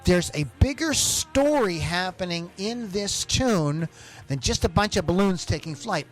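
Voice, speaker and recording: A male podcast host with a slightly raised voice rambles through casual chat, tripping over his own words. Faint music plays behind him. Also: high voice.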